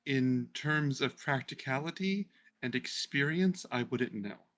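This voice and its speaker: A man doing a lovesick gallant for a tabletop game, talking earnestly and tenderly in flowery words, with a bright, forward tone. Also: mid-range voice, measured pace, natural voice. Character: lovestruck, gallant young man, a devoted romantic.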